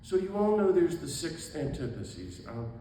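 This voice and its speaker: An exuberant man speaks as a priest to a gathered audience, his pitch leaping up and down as he talks. The recording is very echoey, with a faint hum of background noise under his voice. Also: sing-song, dark tone, distant mic. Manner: exuberant, quick asides, laughs at himself. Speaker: priest giving a book talk. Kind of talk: animated public talk. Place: event hall.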